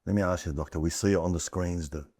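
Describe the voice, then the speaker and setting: A man's voice: sits low, fairly even intonation, fast talker, warm tone, breathy edge, dry recording, clean studio sound. A man hosting an interview, sympathetically prompting his guest with short questions. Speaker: podcast host.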